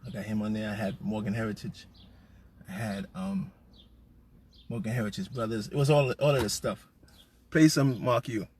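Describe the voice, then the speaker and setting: A man hosting from his car, telling a long rambling story in a casual, swearing, animated way. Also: fairly low pitch, moderate pace, pauses often, slight background noise. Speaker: host.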